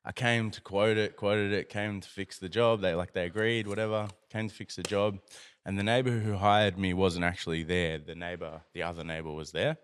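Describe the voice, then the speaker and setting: A man chatting casually as a podcast guest, telling a rough story with swearing and acted-out quotes. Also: low-pitched, level tone, moderate pace.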